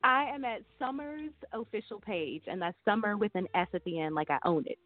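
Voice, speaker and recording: An earnest woman speaks as a guest singer in a radio interview, her voice at an ordinary middle pitch. The line is narrow and tinny, like a phone call. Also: brisk, no room sound. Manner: warm, earnest, faith-driven.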